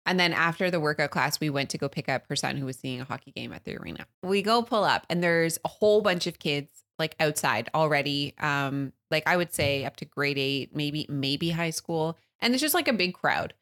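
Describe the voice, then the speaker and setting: A woman, co-hosting a podcast, telling a story in an animated way, laughing often and acting out loud quotes. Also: deep voice, normal speed, hardly any pauses. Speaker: podcast co-host. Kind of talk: casual storytelling chat.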